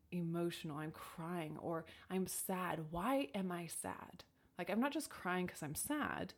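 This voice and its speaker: A woman talking reflectively about intuition and decisions, thoughtful, with frequent "like" and restarts, sometimes dropping to a near whisper. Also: fairly low pitch. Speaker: speaker sharing personal advice. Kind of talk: reflective casual talk.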